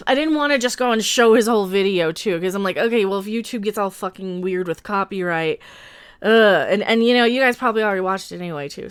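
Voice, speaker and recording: A woman's voice: on the high side, fairly bright tone, clean tone. A woman hosting a casual livestream, chatting loosely with viewers, laughing often and thanking donors. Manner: chatty, laughs often, reads donations aloud. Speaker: livestream host.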